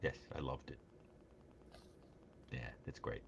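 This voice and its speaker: A man's voice: takes it slowly, highs cut off, background noise. A man chatting playfully on a call-in show, teasing the caller and laughing easily. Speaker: podcast guest. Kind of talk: casual call-in chat.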